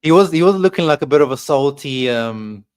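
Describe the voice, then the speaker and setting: A man hosting a casual football chat, relaxed and agreeable, mostly giving short replies. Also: a little high, brisk, clean tone. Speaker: host.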